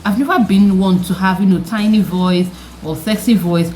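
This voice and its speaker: Young woman, deep mature voice, chatty vlog delivery, faint background noise. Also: moderate pace. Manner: animated, chatty, rhetorical questions to viewers, frequent laughs. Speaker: vlogger. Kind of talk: candid vlog chat to camera.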